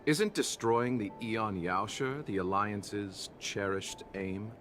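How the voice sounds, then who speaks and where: A man's voice: on the low side, takes it slowly, fairly bright tone, faint music behind. An actor playing a refined, courteous male merchant with an amused, polite way of speaking in a game cutscene. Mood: suave. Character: suave polite male merchant carrying a coffin. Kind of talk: video game cutscene dialogue.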